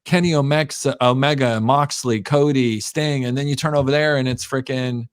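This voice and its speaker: A man's voice: medium pitch, steady tone, normal speed, clear, resonant tone, dry recording. Blunt, opinionated man on a dry mic. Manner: blunt, opinionated, swears casually. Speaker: podcast host. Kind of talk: casual chat.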